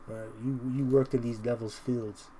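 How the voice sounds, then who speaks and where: A man delivers fiery, confrontational scripture commentary in a warm, mellow voice at an ordinary pitch. He reads each verse slowly and deliberately, then keeps calling out "man" as he argues. A faint hiss sits under the recording. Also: steady tone. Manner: combative, repeats "man" constantly. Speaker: Bible teacher.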